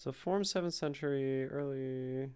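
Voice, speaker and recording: A man's voice: medium pitch, a little slow, darkish tone, clean tone. A man hosting a live stream, casually analyzing poetry and thinking aloud as he taps out rhythms in syllables. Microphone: streaming mic.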